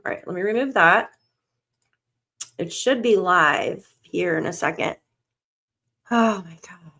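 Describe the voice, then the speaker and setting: A woman's voice: lowish voice, unhurried, long pauses, pushed and bright. A woman hosting a live stream on a missing child case, anxious and shaky, talking to herself as she searches for news. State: shaken, on edge. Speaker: livestream host covering a missing child case.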